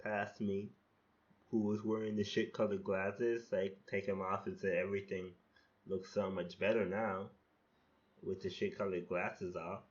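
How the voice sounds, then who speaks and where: Low-voiced man musing on lo-fi audio. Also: little pitch movement, unhurried. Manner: rambling and self-critical, with frequent restarts and casual swearing. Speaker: podcast host reflecting on his own poems. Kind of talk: casual reflective monologue.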